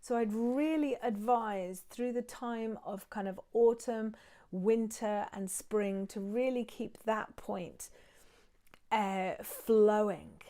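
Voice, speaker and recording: A woman teaching acupressure and breathing, guiding listeners calmly step by step while she demonstrates on her own hands. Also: medium pitch, takes it slowly. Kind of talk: guided acupressure and breathing instruction.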